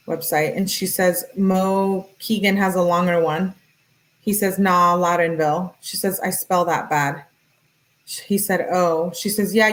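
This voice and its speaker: A woman commentating on a true-crime case, reading a couple's text messages aloud in a brisk, matter-of-fact way and tagging each one with who sent it. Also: fairly low pitch. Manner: talks directly to viewers in chat.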